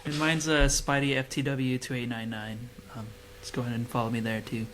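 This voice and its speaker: A man's voice: mid-range voice, little pitch movement, fairly quick, fairly bright tone, slight background noise, low-quality recording. Man teasing in casual podcast banter. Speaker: podcast co-host. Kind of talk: casual chat.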